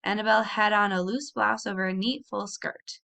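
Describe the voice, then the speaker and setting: A woman reading a children's novel aloud in an expressive, animated way, with a few small slips. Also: medium pitch, normal speed, gravelly. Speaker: audiobook reader.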